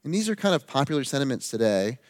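Earnest and emphatic, a man delivers a sermon in a sing-song, mid-range voice. He slows his delivery whenever he wants to drive home important phrases.

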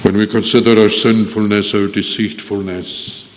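A man's voice: on the low side, little pitch movement, normal speed, a little hiss or hum. Earnest man preaching in echoing hall. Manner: earnest pleading, rising and falling. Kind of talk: sermon. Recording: long echo of a hall.

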